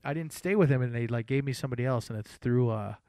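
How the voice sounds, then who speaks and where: A man's voice: mid-range voice, fast talker, darkish tone. A man co-hosting a casual podcast, rambling and cutting himself off mid-sentence. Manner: rambling, self-interrupting, laughs easily. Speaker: podcast co-host.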